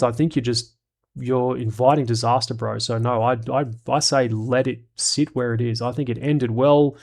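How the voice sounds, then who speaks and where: A man's voice: mid-range voice, a little mellow. A man streaming live, reading chat comments aloud and giving blunt, profane opinions in casual chat.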